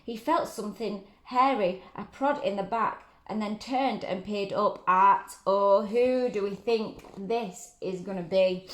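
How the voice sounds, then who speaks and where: A woman reading a picture book aloud to children, gently asking them questions and praising them. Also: mid-range voice, a little slow, few pauses. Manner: gentle, encouraging questions to listeners. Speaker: story reader for children. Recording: roomy echo.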